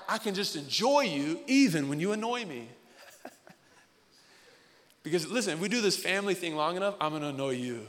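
A man's voice: sits high, pushed and bright. Fiery preacher man in a reverberant hall. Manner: fiery, emphatic preaching with rhetorical questions. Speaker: pastor. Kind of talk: sermon.

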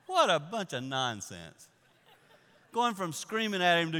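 A man preaching a sermon, telling the story in an animated way that swings from hushed to loud. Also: high voice, normal speed. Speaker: pastor. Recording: echoey hall.

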